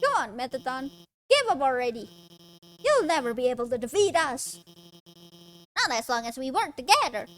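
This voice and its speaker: A woman's voice: high voice, very animated, normal speed, pauses often, a bit bright, a little hiss or hum, pitched below the performer's own voice, poor audio. A woman voicing a nervous female lizard scientist, speaking earnestly and defiantly.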